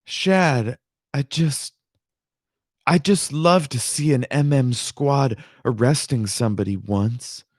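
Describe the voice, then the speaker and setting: A man's voice: mid-range voice, slow pace, dry recording, studio quality, pitched above the performer's own voice. A man doing a coy young woman. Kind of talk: audiobook reading with character voices.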